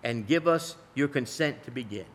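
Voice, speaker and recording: A man voicing a grave, gently insistent elderly male doctor, speaking softly and in a measured way. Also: mid-range voice, lively intonation, pitched below the performer's own voice. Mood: grave, gentle.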